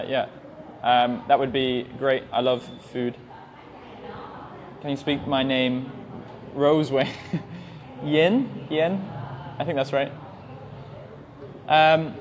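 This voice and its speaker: Reading viewer questions in a live-stream Q&A, an English teacher from England in his twenties, with an English accent, answers with plenty of ums. He works at a language school; his mid-range voice carries a little hiss or hum, and he's hesitant, slow and careful.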